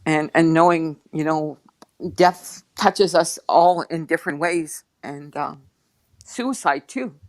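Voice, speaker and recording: Slow-spoken emotional woman on a call. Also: deep voice. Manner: slow, soft and reflective, with pauses. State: emotional, near tears. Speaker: guest drum singer. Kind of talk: heartfelt testimony on an online panel.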